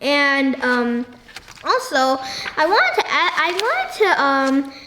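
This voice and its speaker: A woman with a high voice talks slowly through a book discussion, stumbling over her words and restarting as she goes. She keeps turning to the listener with questions. The room is echoey, with a faint hiss behind her. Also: very animated. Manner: halting, searching for words with many ums and restarts; asks the listener frequent questions.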